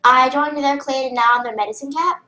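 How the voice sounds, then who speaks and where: A young girl hosts a casual screen-recorded game tutorial, chatty and rambling with lots of fillers and restarts while a keyboard clicks behind her. Her female voice is high-pitched, pushed and bright, a little fast, in an echoey room with poor audio.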